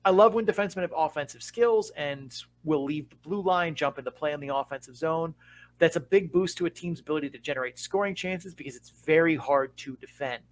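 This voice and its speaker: A man's voice: fairly high pitch, low-quality recording. Man breaking down hockey on a podcast. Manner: measured, explanatory, with deliberate pauses for emphasis. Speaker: podcast co-host, hockey analyst. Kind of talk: casual podcast analysis.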